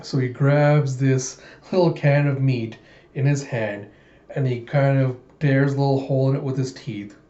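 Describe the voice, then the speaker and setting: A man's voice: mid-range voice, fairly even intonation, normal speed, dark tone. A man reading a comic aloud in a casual, chatty way, often laughing. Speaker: comic reader. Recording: echoey room, dull lo-fi sound.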